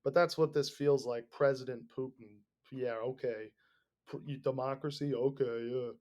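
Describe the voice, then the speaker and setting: Rambling and sarcastic, a male podcast host goes on a casual, profanity-heavy rant. He speaks at a moderate pace in a medium-pitched, a little mellow voice, keeping his tone steady.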